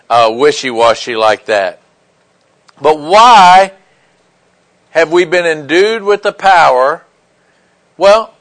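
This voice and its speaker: A man's voice: a little high, fairly bright tone, poor audio. A man preaching a sermon in a conversational, emphatic way, often checking in with his listeners. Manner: conversational preaching with frequent "right?" and "okay" check-ins.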